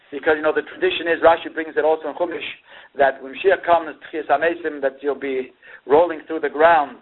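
Over a tinny phone-line recording, a man leads a Torah class explaining a lament text, reading phrases and slowly translating them while mixing Hebrew and Yiddish terms into his English. His pitch rises with emotion when he recounts the events.

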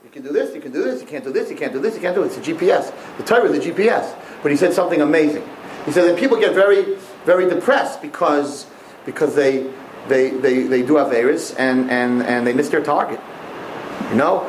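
A man with a high, lively voice gives a humorous religious lecture, swinging his pitch widely and checking in with his listeners. He is recorded in a roomy, echoing space with a faint background hum. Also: a little fast. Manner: animated, repeats "right?" to the audience. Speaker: religious teacher.

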